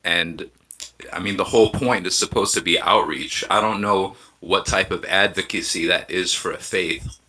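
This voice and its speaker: A man speaking as a guest on a live show, giving measured, reflective answers with frequent pauses and restarts. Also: deep voice, fairly even intonation, bright, forceful tone, low-quality recording. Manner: hesitant, with frequent ums and restarts.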